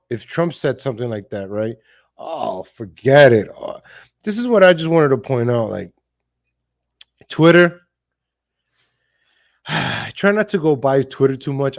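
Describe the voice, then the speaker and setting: A man's voice: mid-range voice, expressive, measured pace, pauses often. A man hosting a live stream, giving blunt, casual political commentary with cursing and frequent laughs. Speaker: livestream host.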